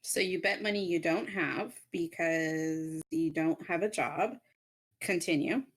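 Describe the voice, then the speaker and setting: A woman's voice: low voice, slow. A woman speaking as a player in a tabletop game, blunt and direct. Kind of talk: casual tabletop role-play.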